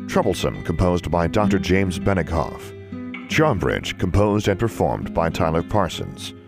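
A man narrating a fantasy novel for a podcast in a steady, even reading style. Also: deep voice, a little slow, over music. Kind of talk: scripted narration.

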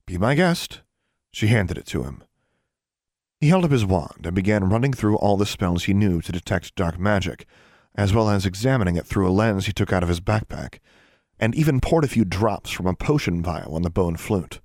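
A man with a very low voice reads an audiobook at a steady, measured pace. The recording is close and dry, without any room sound.

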